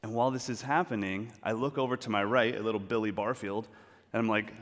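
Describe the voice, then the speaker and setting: A man's voice: on the low side, quick pace. A man giving a storytelling talk on a large auditorium stage, acting out scenes as he goes. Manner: animated, acts out scenes. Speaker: speaker at a talk. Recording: long reverb of a large hall.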